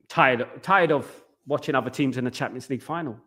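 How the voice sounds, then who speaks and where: A man's voice: mid-range voice, brisk, bright, forceful tone. Rambling chatty man hosting a watchalong. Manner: chatty, rambling, repeats himself, keeps saying "guys". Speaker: watchalong host. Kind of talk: live football watchalong chat.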